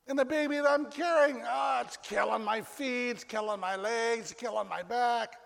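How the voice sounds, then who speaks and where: Frantic young pregnant mom on the phone, high and shrill, put on by a male preacher. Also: normal speed, creaky, fairly bright tone, long reverb tail, heavily acted.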